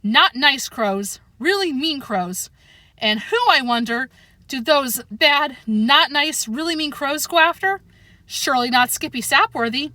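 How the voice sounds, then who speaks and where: A woman's voice: sits high, animated, moderate pace, sharp tone, no room sound, voice pushed up. Woman doing a paranoid, dramatic house cat. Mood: insistent. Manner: insistent, theatrical warnings. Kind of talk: audiobook reading.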